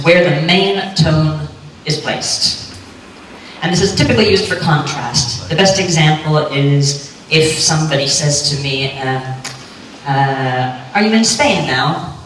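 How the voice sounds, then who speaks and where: A woman giving a clear, lightly joking talk on pronunciation to a live audience at a conference. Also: sits low, fairly bright tone. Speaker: conference speaker on pronunciation teaching. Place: lecture hall. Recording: echoey hall, distant mic, faint hum.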